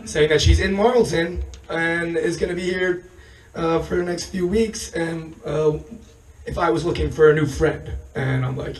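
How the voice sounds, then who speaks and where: A hoarse man losing his voice, telling a rambling, profane stand-up story on a comedy stage and chuckling as he goes. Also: fairly high pitch, steady tone, normal speed, far from the mic, low-quality recording.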